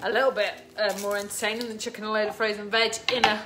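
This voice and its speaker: A woman's voice: medium pitch, level tone, fast. A middle-aged woman hosting a casual live cooking stream from her home kitchen, chatting, greeting viewers by name and joking at her own expense. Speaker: cooking livestream host. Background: children's game noise faintly.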